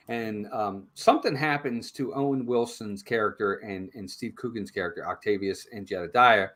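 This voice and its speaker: A man co-hosting a casual live-stream movie review, retelling scenes in an animated way. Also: on the low side, normal speed, hardly any pauses.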